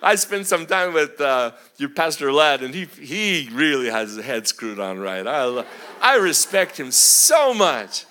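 A middle-aged man, a guest preacher, giving an animated sermon full of stories and swings between booming and hushed delivery. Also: a little slow.

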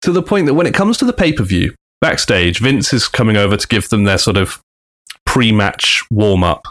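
A man's voice: lowish voice, normal speed. A man co-hosting a podcast, telling a story casually and acting out the quotes. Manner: animated, acts out quotes in big voices. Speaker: podcast co-host.

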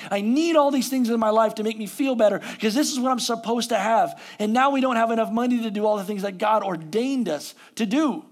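Guy pastor with a pretty high voice, chatty sermon that swells up loud on the bible verses. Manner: conversational, self-deprecating, rising to emphatic scripture reading.

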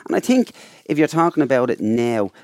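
A middle-aged man, a former football manager, talking football in a measured, agreeable way. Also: mid-range voice, lively intonation, darkish tone, no echo, studio quality. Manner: measured, agreeable, stammers at starts. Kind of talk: casual football chat.

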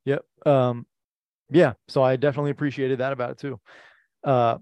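A man's voice: mid-range voice, little pitch movement, fairly quick, darkish tone, clean tone, no room sound. A man co-hosting a podcast, rambling casually about a comedy special, with frequent restarts and easy laughs. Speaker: podcast co-host. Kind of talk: casual chat reviewing comedy.

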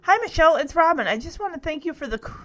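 A woman's voice: high voice, expressive, racing, fairly bright tone, voice pushed up. A woman voicing a snobby schoolgirl who turns curt and huffy. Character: snobby schoolgirl, quick to anger.

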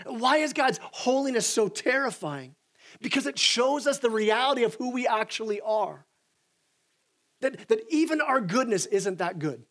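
A young man, a pastor, preaching a sermon in an animated way, with frequent restarts and acted-out quotes. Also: very high voice, normal speed.

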